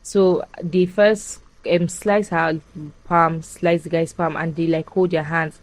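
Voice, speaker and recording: Young woman chatting thru a movie recap, lowish voice, dry close sound, lots of likes n you knows. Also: slow, no room sound, poor audio. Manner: chatty, animated retelling with filler words. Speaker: podcast host recapping a film. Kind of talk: casual chat.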